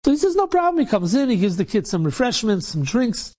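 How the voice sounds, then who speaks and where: A man's voice: high voice, big pitch swings, a little fast, a little mellow. A man, a rabbi, telling a story in a casual, repetitive way, peppered with Yiddish and Hebrew words.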